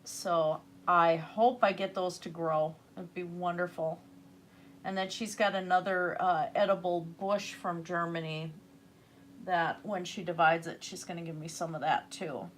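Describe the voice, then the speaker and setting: A woman's voice: fairly low pitch, steady tone, unhurried, slight background noise. A woman chatting casually while painting on a livestream, rambling and answering viewer comments. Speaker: livestreaming artist.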